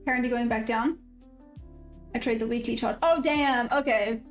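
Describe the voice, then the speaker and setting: A woman's voice: on the high side, moderate pace. A South African woman hosting a live trading stream, chatting casually and answering viewers' comments. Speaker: day-trading livestream host. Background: faint background music.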